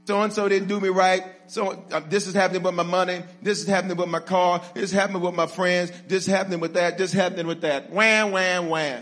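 A man's voice: high voice, steady tone, a little fast, hardly any pauses, fairly bright tone. A preacher mimicking a whining, self-pitying man. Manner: whiny, sing-song complaining.

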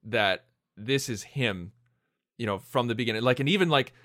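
A man with an average-pitched voice, chatting eagerly on a podcast. He strings his thoughts together with plenty of "like" and "you know." The recording is dry, with no room echo. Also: moderate pace, a bit bright. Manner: enthusiastic, heavy on "like" and "you know". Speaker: podcast co-host. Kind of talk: casual podcast discussion.

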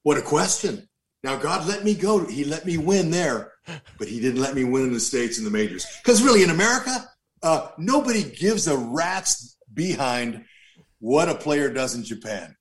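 A former baseball player in his fifties tells a long story in an animated, laughing way, throwing in asides. His voice sits a little high for a man. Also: normal speed. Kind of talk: storytelling interview.

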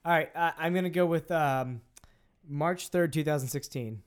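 A man co-hosts a podcast and answers quiz questions, thinking out loud as he goes. His voice sits a little high, and he keeps slipping in jokes. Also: moderate pace, smooth. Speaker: podcast co-host. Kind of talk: casual podcast quiz banter.

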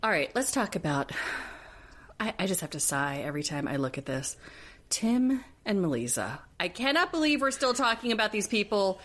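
A woman co-hosting a podcast, recapping a show in a chatty, animated, sarcastic way. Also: mid-range voice, normal speed. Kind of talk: casual chat.

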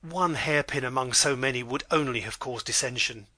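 A man's voice: on the high side, sing-song, moderate pace, sharp tone, no echo, exaggerated voice. A man playing a pompous blustering old lord. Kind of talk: amateur audiobook drama reading.

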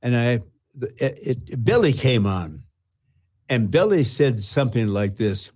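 An older man, a retired pastor, earnestly telling his personal testimony with halting restarts. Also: medium pitch, sing-song, a little mellow.

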